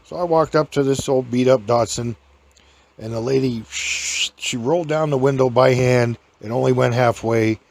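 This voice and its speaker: A man with a gravelly, creaky voice tells a rambling, folksy anecdote. He chuckles often and drifts from one tale to the next in a loose, homespun way. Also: mid-range voice, normal speed, slight background noise. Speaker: podcast host and storyteller.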